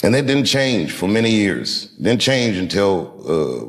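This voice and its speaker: A man in his fifties from Washington, D.C., telling a reflective story to an audience in a measured, unhurried way with dramatic pauses. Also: fairly low pitch, very animated. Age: 50s. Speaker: comedian.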